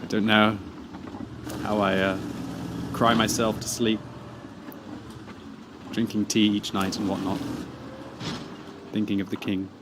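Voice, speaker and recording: A man's voice: on the low side, flat delivery, slow pace, pauses often. A British man chatting casually while streaming a game, teasing and rambling as he reads out chat messages. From Britain. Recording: clear background game noise.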